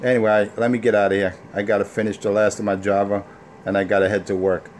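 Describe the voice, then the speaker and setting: A man's voice: fairly low pitch, level tone, fast talker, background noise. A man ranting on a casual morning show, boasting about his radio equipment and trash-talking a rival. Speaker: CB radio operator ranting on air.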